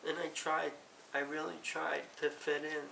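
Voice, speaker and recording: Middle-aged woman, very gravelly voice, tense tone, tearful and halting, roomy distant recording with faint hiss. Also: deep voice, flat delivery, sharp tone. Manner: halting, tearful, self-correcting. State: emotional, close to tears. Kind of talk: emotional personal confession.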